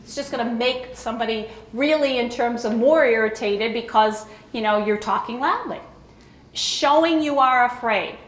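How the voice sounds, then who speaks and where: A woman's voice: on the high side, moderate pace, roomy sound. A woman giving an informal talk to a room of caregivers, chatty and often asking "okay?" to check in with the audience. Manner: conversational, checks in with frequent "okay?". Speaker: presenter at a caregiver education talk.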